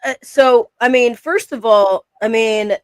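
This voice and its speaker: A woman's voice: a little high, a little slow, clean tone, no room sound. A woman co-hosting a podcast, telling a story in casual chat, rambling with many fillers and restarts. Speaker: podcast co-host.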